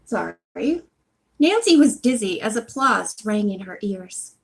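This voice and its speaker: A woman's voice: medium pitch, sing-song, a little slow, vocal fry, breathy edge. Brief: casual read-aloud host, woman, drifting into friendly asides. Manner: chatty, apologetic asides. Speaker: reader of a book series. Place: home.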